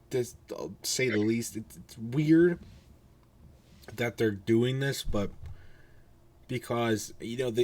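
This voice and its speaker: A man hosting a casual podcast, sounding tired and rambling, swearing freely and restarting his sentences. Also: on the low side. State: tired, yawning. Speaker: podcast host.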